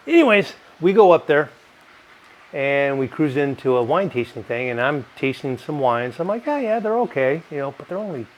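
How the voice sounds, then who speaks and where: A man's voice: medium pitch, lively intonation, moderate pace, low-quality recording. A middle-aged man reviewing bourbon in a casual, rambling way, swearing often and drifting into rants. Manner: profane, rambling, ranting. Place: home in California.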